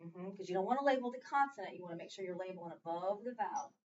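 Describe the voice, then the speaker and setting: A woman's voice: fairly low pitch, lively intonation, very fast. A woman teacher leading a phonics lesson in a classroom, patiently prompting her students with fill-in-the-blank questions. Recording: muffled, distant classroom recording.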